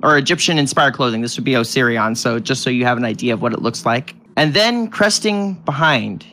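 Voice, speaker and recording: A man's voice: mid-range voice, lively intonation, brisk, sharp tone. A man narrating a tabletop game as game master, describing scenes with restarts and little sound effects.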